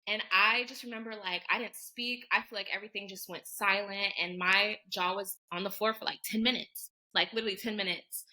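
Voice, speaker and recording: Fast-talking bright young woman storyteller. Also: medium pitch, low-quality recording. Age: 20s. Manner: animated, heavy use of "like", acts out quoted voices. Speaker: podcast guest. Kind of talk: casual storytelling chat.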